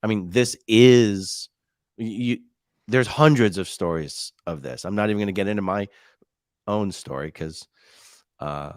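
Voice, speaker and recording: Man, fairly low voice, dry sound, earnest supportive host. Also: a little slow, long pauses, no room sound. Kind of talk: interview conversation.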